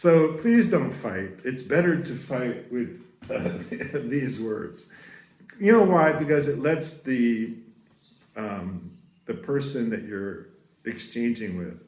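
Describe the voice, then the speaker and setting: Slow, profane American man teaching French. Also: medium pitch, animated, roomy sound. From United States. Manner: profane, rambling, laughing, shouts acted outbursts. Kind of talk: casual spoken lesson.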